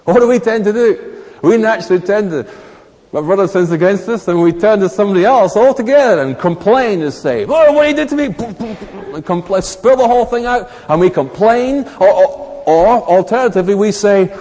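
A man preaching a sermon in a church hall, animated, acting out little scenes in raised voices. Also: high voice, moderate pace. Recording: long reverb of a large hall.

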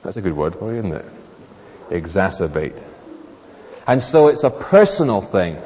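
A man preaching a sermon in a church hall, animated, acting out little scenes in raised voices. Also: deep voice, normal speed, a little hiss or hum. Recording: long reverb of a large hall.

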